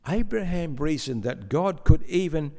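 A man preaching a sermon in a measured, explanatory way, with some stammering restarts. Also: a little high, lively intonation, warm tone. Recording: long hall reverb.

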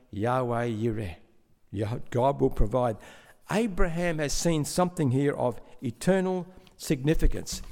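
A man preaching a sermon in a measured, explanatory way, with some stammering restarts. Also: mid-range voice, a little mellow. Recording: long hall reverb.

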